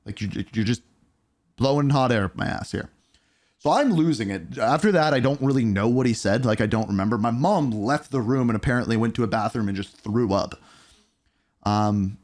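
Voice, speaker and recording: A man in his thirties telling a candid storytime vlog, animated and blunt, with casual swearing. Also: mid-range voice. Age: 30s. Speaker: YouTuber.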